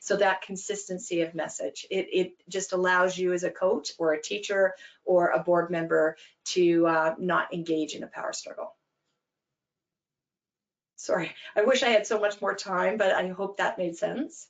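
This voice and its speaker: A woman giving an earnest, emphatic webinar talk, explaining with quick examples over a video call. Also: on the low side, fairly even intonation. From Canada. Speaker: webinar speaker, anti-bullying program founder.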